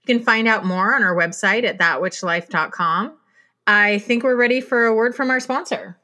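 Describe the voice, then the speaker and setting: Woman co-host, very bright and crisp tone, upbeat promo read. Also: on the high side, moderate pace. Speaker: podcast co-host. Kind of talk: reading show announcements.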